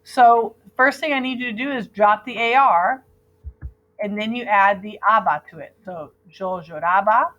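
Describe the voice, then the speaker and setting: A woman's voice: fairly high pitch, normal speed, fairly bright tone, lo-fi sound. Patient woman teaching a grammar lesson. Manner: patient, drills students in call and repeat. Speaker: Spanish teacher.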